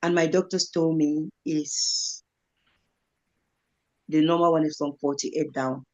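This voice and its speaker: A woman's voice: low-pitched, steady tone, slow, a little mellow, muffled recording. A woman speaking as a guest in an online live talk, earnest and motivational, repeating phrases for emphasis. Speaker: guest speaker, kidney patient.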